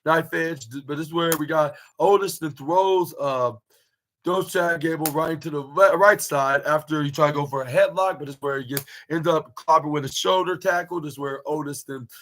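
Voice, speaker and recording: A man's voice: on the high side, moderate pace, fairly bright tone, low-quality recording. A young man hosting a podcast, recapping a wrestling match in a rambling, casual way, full of fillers and restarts. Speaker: podcast host reviewing wrestling. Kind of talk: casual recap, play-by-play retelling.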